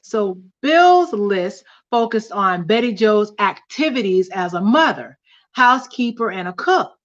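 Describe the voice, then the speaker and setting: A woman's voice: medium pitch, fairly bright tone, highs cut off. A woman hosting a casual livestream study, teaching and reading aloud from a book, often repeating key points. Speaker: host of a couples study livestream.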